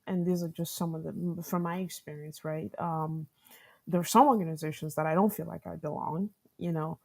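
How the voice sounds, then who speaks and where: A woman's voice: sits low, moderate pace, gravelly. A woman who directs product management, giving an interview and telling workplace stories, acting out what people said and often tagging her points with a questioning "right". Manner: animated storyteller, acts out quoted dialogue, frequent "right?" tags and laughs. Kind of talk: conversational interview storytelling.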